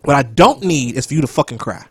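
A man co-hosting a casual podcast chat, loud and animated, profane, sometimes dropping to a whisper. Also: medium pitch, fast talker, slightly rough, no echo. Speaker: podcast co-host.

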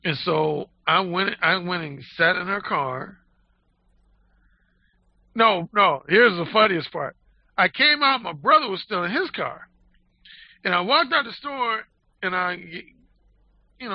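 Gravelly man telling a crude story. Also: sits high. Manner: blunt, crude, boastful. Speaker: dating advice guest. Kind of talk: casual storytelling. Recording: dull lo-fi audio.

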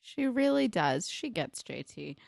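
Blunt, lively low-voiced woman. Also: vocal fry, dry recording, clean studio sound. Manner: blunt and sweary, quick asides. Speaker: podcast co-host. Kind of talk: casual recap chat.

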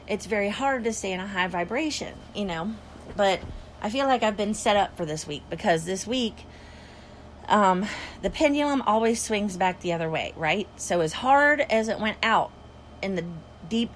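Woman vlogger, alone indoors, rambling and animated, laughs often, mid-range pitch. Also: slight background noise. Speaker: spiritual vlogger. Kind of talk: casual monologue to viewers.

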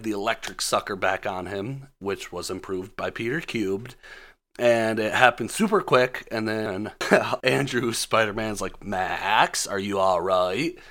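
Swearing freely, a man casually retells a movie on his podcast as a relaxed, profane storyteller. He has a lowish voice with a bit of brightness.

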